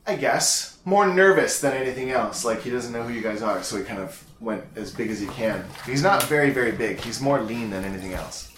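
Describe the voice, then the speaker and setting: A man running a tabletop game as dungeon master, narrating in a relaxed, rambling way. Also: medium pitch, brisk, few pauses, slight background noise. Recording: roomy echo.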